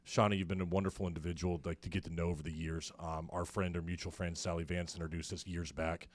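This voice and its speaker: A man hosting an interview, speaking calmly with filler ums as he closes the talk. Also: low voice, fast, dry recording. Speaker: podcast host. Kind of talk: interview wrap-up.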